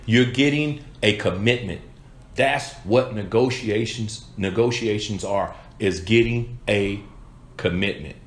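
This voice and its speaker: A man coaching salespeople in an emphatic, repetitive style with punchy catchphrases. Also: lowish voice. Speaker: sales trainer. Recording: echoey room.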